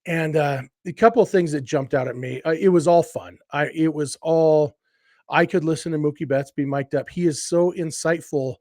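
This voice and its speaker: A man's voice: on the high side, moderate pace, darkish tone, no echo, clean studio sound. A man hosting a casual solo sports podcast, talking enthusiastically in a rambling way with restarts and asides. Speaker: podcast host.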